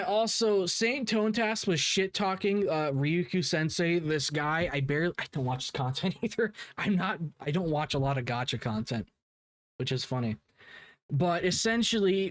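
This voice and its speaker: A young man in a rambling, swear-heavy reaction commentary, often stopping mid-sentence to restart. His voice sits a bit high, and the close mic sounds dry and dead. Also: dry recording. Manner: rambling and profane, with frequent restarts and laughs. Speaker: drama commentary host.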